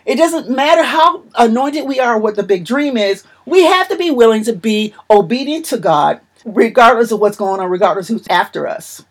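A woman's voice: fairly high pitch, expressive, normal speed, hardly any pauses, breathy edge. A woman preaching a sermon in an emphatic, repetitive manner.

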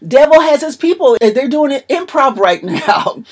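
A woman's voice: high voice, animated, moderate pace, a little mellow. A woman preaching a sermon in an emphatic, repetitive manner.

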